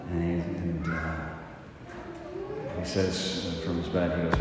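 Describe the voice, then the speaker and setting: Priest, male, deep low voice, halting chatty homily, booming church reverb, audible room noise. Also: completely flat delivery. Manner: conversational, halting, many fillers. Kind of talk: casual homily. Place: large echoey church. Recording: distant mic in reverberant church.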